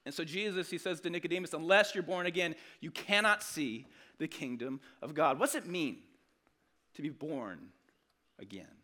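A man delivers a sermon in a conversational, earnest way, restarting phrases as he goes. His voice sits high and sounds bright and forceful. He swings from loud emphasis to quiet, low asides. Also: lively intonation, moderate pace. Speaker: pastor.

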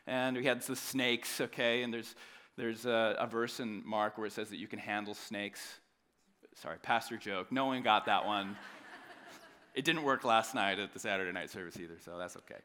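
A man in his thirties preaching a sermon, telling a family story with jokes and swinging between loud emphasis and quiet asides. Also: fairly low pitch, moderate pace, clean tone. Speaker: pastor.

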